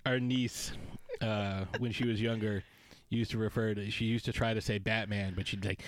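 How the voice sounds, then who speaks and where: A man's voice: lowish voice, little pitch movement, moderate pace, no echo. Podcast co-host, male, jokey and rambling, dry close mic. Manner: playful, jokey, rambling asides. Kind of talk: casual podcast banter.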